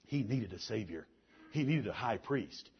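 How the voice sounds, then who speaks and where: A man preaching a fiery sermon, his voice husky and a little breathy. He swings from loud, emphatic declarations down to low, intense talk. The recording is muffled and lo-fi. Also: animated, unhurried.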